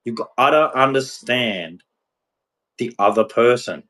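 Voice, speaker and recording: A man's voice: mid-range voice, lively intonation, slow pace, sharp tone, rough recording. Blunt rambling man ranting candidly. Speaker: podcast host. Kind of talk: candid relationship monologue.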